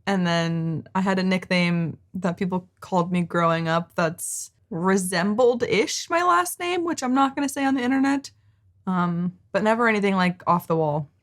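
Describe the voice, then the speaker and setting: A woman's voice: on the low side, animated, moderate pace. A woman from the United States, co-hosting a reaction video and teasing her partner in an easygoing, giggly way. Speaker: reaction channel co-host. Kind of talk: casual reaction chat.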